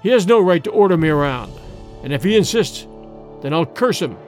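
A man's voice: fairly high pitch, expressive, brisk, faint music behind, close to an everyday voice. A man voicing a grim, defiant undead old man who refuses curtly.

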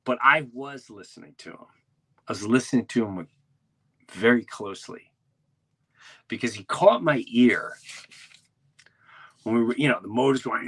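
A man's voice: medium pitch, lively intonation, moderate pace, pauses often, a bit bright, slightly rough. A man who hosts a podcast and does stand-up, telling rambling stories in casual chat with many restarts. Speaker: podcast host and stand-up comedian.

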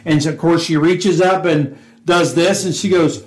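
A man's voice: on the high side, fairly even intonation, moderate pace, low-quality recording. A man co-hosting a podcast, a former police officer telling a workplace prank story, laughing through the punchlines and acting out quotes. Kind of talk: casual storytelling chat.

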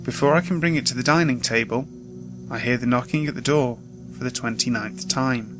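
A man's voice: medium pitch, a little fast, low-quality recording. Man narrating a horror story over music.

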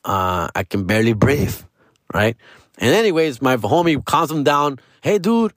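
A man's voice: medium pitch, normal speed, a bit bright, no room sound, studio quality. A male comedian telling a story casually, profane and slangy, dropping into Spanish phrases.

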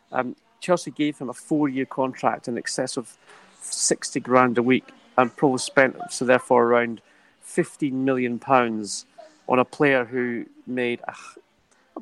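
A man's voice: medium pitch, fairly even intonation, moderate pace, fairly bright tone, poor audio. Man telling football anecdotes. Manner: anecdotal storyteller, hesitant. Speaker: football pundit. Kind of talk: casual podcast discussion.

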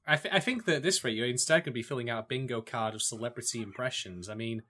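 A man hosting a casual podcast, teasing and animated, who swears freely. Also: mid-range voice, quick pace. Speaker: podcast host.

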